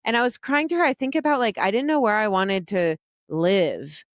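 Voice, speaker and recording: A woman's voice: medium pitch, moderate pace, no echo, clean studio sound. A woman telling her own story frankly, laughing often and poking fun at herself. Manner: frank, self-mocking, laughs often, casual swearing. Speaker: vlogger telling a personal story. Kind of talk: candid personal storytelling.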